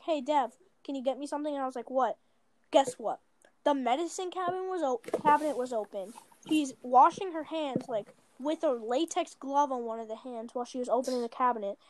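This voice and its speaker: High-voiced woman rambling through a story. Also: a little hiss or hum. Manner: chatty, rambling, lots of "like" fillers and self-corrections. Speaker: storyteller guest. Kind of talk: casual chat, rambling storytelling.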